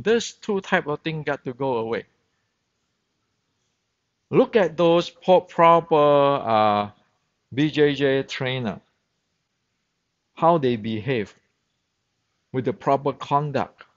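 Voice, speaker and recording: Man, native Chinese speaker, blunt lecturing instructor in broken English, slow unhurried delivery, muffled lo-fi recording. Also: fairly high pitch, lively intonation. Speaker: Wing Chun instructor. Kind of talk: opinionated monologue. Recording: dull, muffled lo-fi sound.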